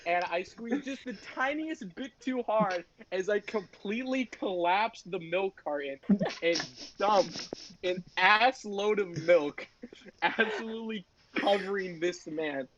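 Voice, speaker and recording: A young man, a podcast host, telling a story in a casual, animated and profane way, often laughing. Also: sits high, measured pace, slight background noise. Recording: dry, slightly dull podcast audio.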